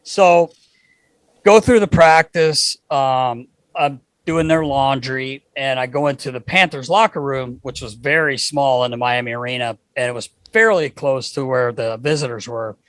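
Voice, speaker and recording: A middle-aged man co-hosting a podcast, telling an animated story, acting out voices and swearing freely. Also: mid-range voice, measured pace, dry recording. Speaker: podcast co-host.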